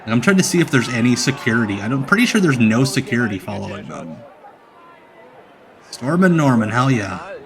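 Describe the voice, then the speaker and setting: A man's voice: mid-range voice, very animated, brisk. A young man hosting a live watch-along stream, joking and enthusing about the match. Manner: jokey, enthusiastic banter. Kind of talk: casual watch-along commentary.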